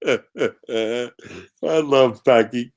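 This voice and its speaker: A man's voice: mid-range voice, very slow. A man hosting a casual live-stream chat who teases guests, swears freely and laughs often. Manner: teasing, profane, laughs often.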